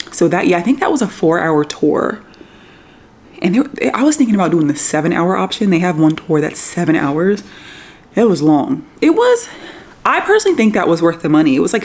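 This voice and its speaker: A woman's voice: low-pitched, a little mellow. A woman in her thirties vlogging from a hotel room, talking casually to her viewers in a chatty, rambling way full of fillers. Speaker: travel vlogger. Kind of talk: casual vlog talk to camera.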